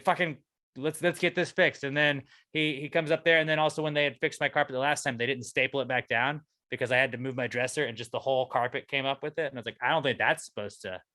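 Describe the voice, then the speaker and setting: A man co-hosting a podcast, telling a long profane rant about his apartment that keeps climbing in pitch when he gets angry. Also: sharp tone, dry recording. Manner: ranting, profane storytelling, voice rising when angry. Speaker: podcast co-host. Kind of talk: casual chat.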